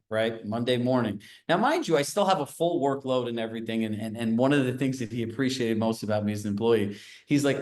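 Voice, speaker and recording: Brief: male sales coach, lively storytelling, roomy echo, mid pitch. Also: brisk. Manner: animated, storytelling, asks the audience questions. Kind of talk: training session talk.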